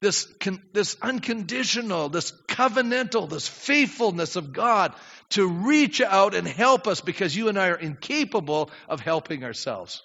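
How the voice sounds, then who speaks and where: An older man preaching a sermon as pastor, acting out prayers and swinging from quiet asides to shouts. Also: normal speed, creaky. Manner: animated preaching, acts out prayers, drops low then shouts. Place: church sanctuary. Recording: dull reverberant church recording.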